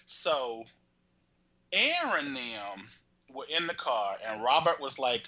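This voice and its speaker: A man casually chatting and retelling a soap opera, animated and rambling, with frequent cursing. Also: mid-range voice, a little slow, rough recording. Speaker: storyteller recapping a soap opera. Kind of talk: casual chat.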